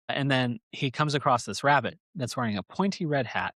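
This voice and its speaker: Man, podcast host, casual rambling storytelling, jokey, mid-pitched voice, dry close sound. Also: expressive, fairly quick, hardly any pauses, fairly bright tone, no room sound. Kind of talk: casual chat.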